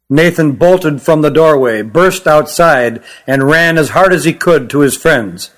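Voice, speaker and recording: A man narrating his own novel as an audiobook, in a steady, measured reading. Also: fairly high pitch.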